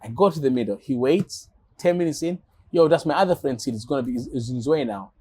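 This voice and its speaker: A man from Africa telling a lively story as an interview guest, acting out voices and laughing often. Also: mid-range voice, quick pace, breathy edge. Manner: animated, acts out dialogue, laughs often. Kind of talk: casual storytelling.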